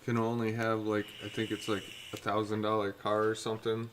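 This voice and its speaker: A man's voice: on the low side, completely flat delivery, fairly quick. Chatty man with noisy background. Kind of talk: casual chat.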